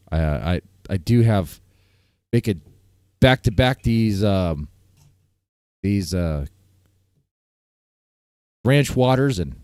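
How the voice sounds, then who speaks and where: A man's voice: on the low side, a little mellow, no echo, clean studio sound. A man hosting a casual live-stream panel, ranting and repeating himself, breaking into laughter often. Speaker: stream host.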